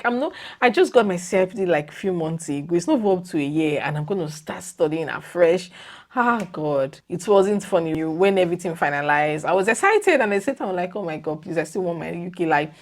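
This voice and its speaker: A young woman vlogging casually to her viewers, animated and exclamatory, her voice leaping up when she makes a point. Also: normal speed. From lives in the UK. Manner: animated and exclamatory, leaps up in pitch when emphatic. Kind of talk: casual vlog chat.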